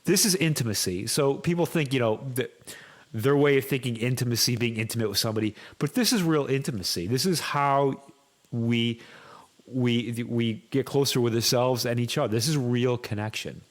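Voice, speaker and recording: A man's voice: medium pitch, moderate pace. A man hosting a podcast, enthusiastic and encouraging, often repeating himself. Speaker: podcast host. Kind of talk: casual conversational podcast.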